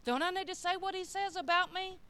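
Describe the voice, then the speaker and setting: Emphatic high-voiced woman preaching. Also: brisk. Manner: emphatic, rising to shouted peaks. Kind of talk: sermon. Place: church.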